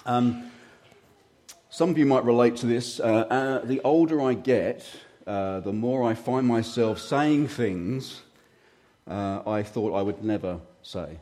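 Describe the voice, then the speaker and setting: A man's voice: mid-range voice, unhurried, warm tone. A man in his fifties preaching a sermon with a slight frog in his throat, talking conversationally with hesitant fillers and self-deprecating asides. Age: 50s.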